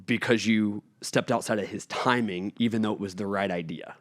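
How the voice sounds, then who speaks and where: A man's voice: on the low side, normal speed. A middle-aged man, a pastor co-hosting a podcast, telling their story candidly and reflectively in casual conversation with his wife.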